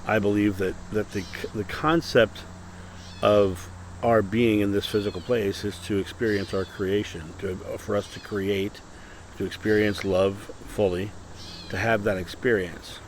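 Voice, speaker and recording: A man's voice: lowish voice, steady tone, a little slow, a little hiss or hum, poor audio. A man hosting a casual morning talk, earnest and often restarting his sentences. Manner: earnest, self-correcting with many restarts. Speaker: spiritual channel host.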